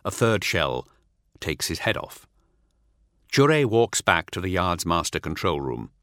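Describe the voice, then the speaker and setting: A man narrating an audiobook in a measured, dramatic storytelling manner. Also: sits low, sing-song, a bit bright, dry recording, studio quality.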